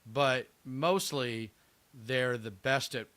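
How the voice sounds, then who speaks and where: Male American co-host, bright tone, blunt and crude, dry mic. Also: mid-range voice, no echo. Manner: blunt and profane, drawn-out thinking aloud. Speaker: podcast co-host. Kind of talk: casual political chat.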